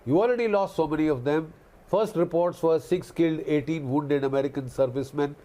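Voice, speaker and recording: A man's voice: on the high side, fairly quick, mellow. A man giving impassioned commentary on a news broadcast, indignant and lecturing, often repeating phrases for emphasis. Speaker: guest commentator on a news channel.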